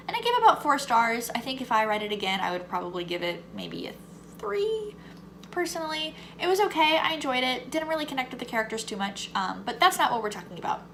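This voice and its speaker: A woman's voice: on the high side, a bit bright. A young woman with a faint Southern US accent, talking candidly through a casual book review vlog and turning heated when she rants. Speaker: book vlogger. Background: faint lawnmower noise.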